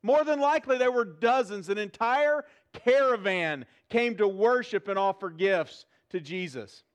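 A middle-aged man, preaching a sermon in a church to a live audience, animated and humorous, asking the crowd questions. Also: high-pitched, measured pace. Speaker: pastor.

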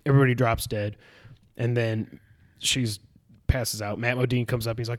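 A man's voice: medium pitch, moderate pace. A man in casual chat, recapping a show and acting out its scenes in a raised voice. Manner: animated retelling, acts out scenes in a raised voice.

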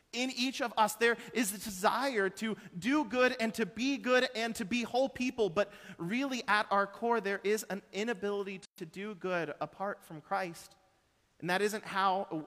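Earnest high-voiced pastor preaching. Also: male voice, fairly bright tone. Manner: earnest, conversational, with asides to the congregation. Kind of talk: sermon. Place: church sanctuary. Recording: church hall with long reverb.

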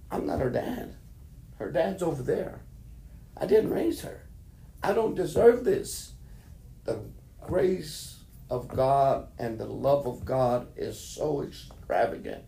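A man's voice: medium pitch, gravelly, dark tone. A man preacher telling his conversion testimony as a sermon, emotional storytelling that acts out the voices he heard. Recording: roomy echo.

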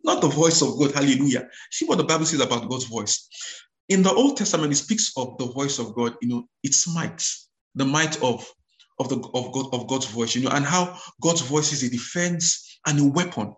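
Preaching with a mid-range voice in a reverberant space, this man reads scripture aloud with slow gravity. He also calls out hallelujah, doubles back on words, and starts phrases over.

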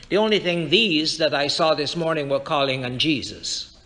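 A man's voice: a little high, moderate pace, sharp tone. A man preaching a fervent sermon to his congregation in a church, quoting scripture and addressing listeners directly. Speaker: pastor. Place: church sanctuary.

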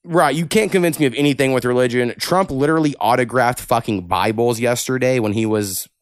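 A man's voice: mid-range voice, brisk, dry recording, clean studio sound. A man hosting a casual podcast, reading listener emails aloud and ranting bluntly with plenty of cussing. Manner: blunt, heavy cussing, animated rants. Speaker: podcast host.

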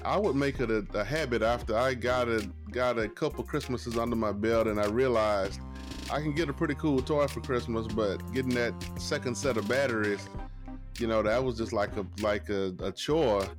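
A man's voice: medium pitch, moderate pace, music in the background. A man with a Southern accent from Georgia, co-hosting a podcast in easygoing casual chat. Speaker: podcast co-host.

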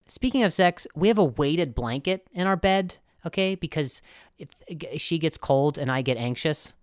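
A man's voice: a little high, expressive, moderate pace, clear, resonant tone, no echo, studio quality. A young man hosting a comedy podcast, rambling and sarcastic with lots of restarts. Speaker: podcast host. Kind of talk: comedic monologue.

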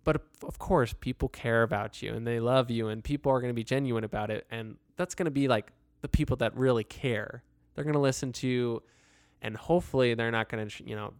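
Man, casual advice talk, earnest and rambling, crisp clear voice, mid pitch. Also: no room sound, clean studio sound. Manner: earnest and rambling, with frequent "like" fillers and laughs. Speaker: advice speaker.

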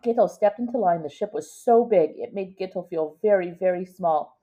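A woman's voice: medium pitch, moderate pace, warm tone. A woman reading a picture book aloud to a child, stopping to explain words, on a dull lo-fi recording. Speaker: reader to a child.

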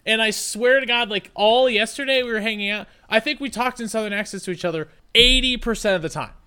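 A young man co-hosting a casual chat, animated and laughing, slipping into a mock Southern drawl. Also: sits high, fairly quick, smooth. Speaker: podcast co-host.

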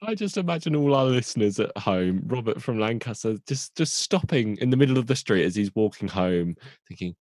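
Chatting about a TV show on a podcast he co-hosts, this man teases and laughs readily. His voice is fairly low, expressive and a little mellow, his pace slightly quick, and the sound is clean studio audio with no room echo.

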